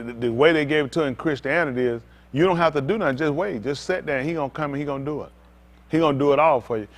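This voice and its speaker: A fiery man preaching, his voice sitting fairly high. He speaks bluntly and rousingly, trading calls and responses with his congregation. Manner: preaching loudly with call-and-response, earthy and blunt. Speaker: pastor. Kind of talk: sermon.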